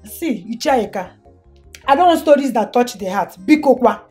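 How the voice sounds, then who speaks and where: An actress with a Nigerian accent playing a sharp, money-minded young woman who talks bluntly. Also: on the high side, animated, normal speed, natural voice. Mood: demanding. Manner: blunt, businesslike. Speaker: film actress. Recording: faint film music underneath.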